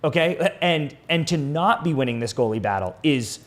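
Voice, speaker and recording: A man co-hosting a live hockey podcast, talking in a loose, excitable way and swearing freely. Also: fairly high pitch, normal speed. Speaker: podcast co-host. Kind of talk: casual hockey chat.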